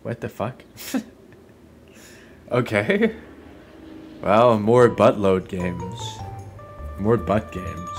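Man, casual game commentary, profane, easily startled, lively pitch, slow talk, music behind. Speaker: gaming video creator.

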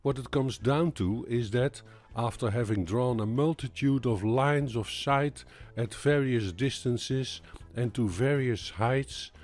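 A man, narrating a science video in a calm, matter-of-fact and skeptical way. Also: mid-range voice, slow, faint music behind. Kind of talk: scripted narration.

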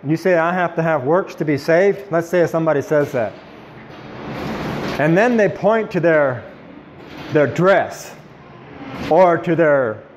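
A man leading an informal Bible study, chatting with the group and slowing down to quote scripture. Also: on the high side, a little mellow, a little hiss or hum. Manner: conversational, quoting scripture slowly.

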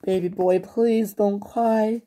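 A woman plays a steady middle-aged mother in a toy-figure home drama, low and mellow in tone. She speaks softly and reassuringly and never raises her voice. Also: a little slow. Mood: soothing. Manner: gentle, reassuring, quiet.

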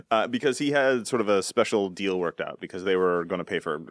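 A man hosting a podcast interview, talking quickly with halting restarts and quick laughs. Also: lowish voice, no echo. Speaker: podcast host. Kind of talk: casual interview.

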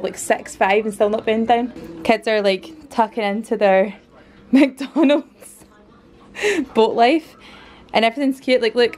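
In her thirties and Scottish, this family vlogger gives a chatty, enthusiastic walkthrough of a converted canal barge, sprinkling in "like" constantly. Her voice is mid-range.

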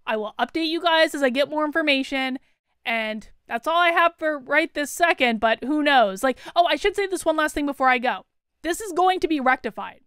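A woman's voice: sits high, animated, a little fast, fairly bright tone, no room sound, clean studio sound. A woman hosting a breaking-news political commentary vlog, talking with emphatic, incredulous indignation.

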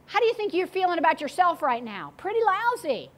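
A woman pastor preaching a sermon, retelling a story with animated, acted-out quotes. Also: very high voice, fairly quick.

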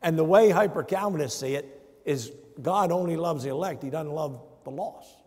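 A man's voice: fairly high pitch, moderate pace, a little mellow, slightly rough. A man, a pastor, preaching a sermon emphatically and putting rhetorical questions to his congregation in a church. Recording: long church reverb.

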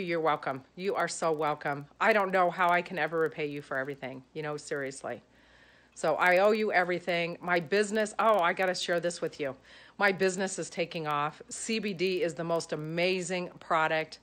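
A woman's voice: lowish voice, fairly quick, a bit bright. A woman giving an emotional testimonial about her coach, gushing and rambling with many fillers. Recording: music playing under the voice.

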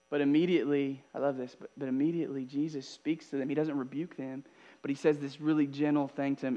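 Pastor, man, fairly high voice, preaching loud then hushed, faint mains hum. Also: dull audio. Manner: swings from loud emphatic preaching to soft, hushed asides. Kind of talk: sermon. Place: church.

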